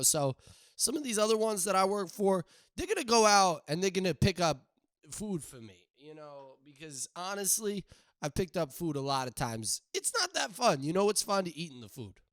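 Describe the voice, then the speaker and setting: A young man hosting a casual solo podcast, rambling and joking with sudden loud outbursts. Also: a little high, no echo, clean studio sound. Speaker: podcast host.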